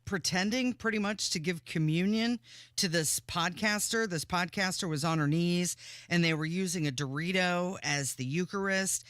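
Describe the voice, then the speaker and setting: A man co-hosting a talk radio show, chatting casually and reacting quickly in short replies. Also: high-pitched, a bit bright, dry recording, studio quality. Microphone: studio microphone.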